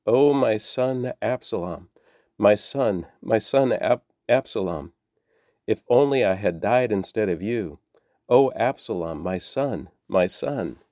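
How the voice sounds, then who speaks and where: A man's voice: fairly low pitch, lively intonation, slow, a little mellow, dry recording, studio quality. A man reading the lines of a grieving old king, sorrowful and lamenting.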